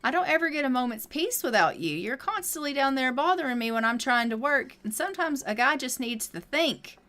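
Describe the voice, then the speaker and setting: A woman doing a put-upon dad in a life sim game, bright voice, fed up and griping about never getting a break. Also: high voice, sing-song, fairly quick, heavily acted. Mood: exasperated. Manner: complaining, exasperated. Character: grumpy overworked grown man, a farming father.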